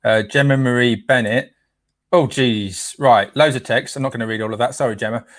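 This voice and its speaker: Casting: man as a playful live stream host, mid-pitched, dry close sound, easygoing chat. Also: fairly even intonation, fairly quick, no room sound. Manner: playful, chatty, trips over names while reading.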